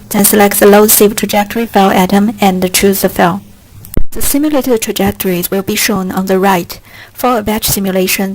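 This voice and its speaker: Woman, mid-range voice, scripted tutorial voice-over, even and methodical. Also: mid-range voice, poor audio. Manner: steady, instructional, reads step by step. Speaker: software tutorial narrator. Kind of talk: scripted narration.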